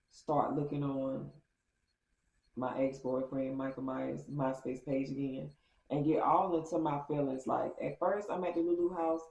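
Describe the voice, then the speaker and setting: A woman vlogger telling a story in a casual, animated way, acting out quotes with big jumps in pitch. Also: reverberant, rough recording.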